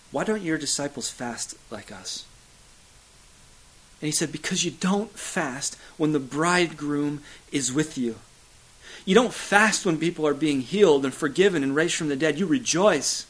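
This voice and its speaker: A man preaching a sermon, building to loud emphatic peaks, then dropping to hushed, low lines, with a repetitive preaching cadence and occasional fillers. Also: poor audio. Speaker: pastor.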